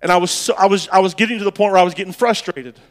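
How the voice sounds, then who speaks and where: High-voiced pastor preaching. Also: male voice, racing. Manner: storytelling, emotional, repeats words, rises to loud passionate bursts. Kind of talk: sermon.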